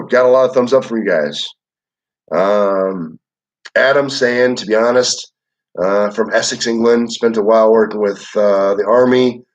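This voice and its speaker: A young man from Michigan, hosting a casual livestream and reading the chat. He talks in a rambling, relaxed way, with lots of filler words and swearing. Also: fairly low pitch. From Michigan, USA. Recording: dull lo-fi audio.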